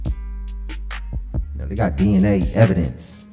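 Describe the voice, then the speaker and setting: Man, very deep dark voice, relaxed slangy host reacting live, long reverb on him. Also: a little slow, faint music behind. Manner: laid-back, slangy, drawling.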